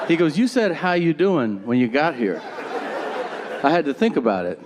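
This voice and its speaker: A man's voice: fairly high pitch, normal speed. Guy doing stand-up on stage, voice jumps all over, acts out everyone, noisy live crowd room. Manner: animated storytelling, mimics people in quoted lines; exasperated, incredulous. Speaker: stand-up comedian. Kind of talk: stand-up comedy set. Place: comedy stage with live audience. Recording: live stage recording with audience noise.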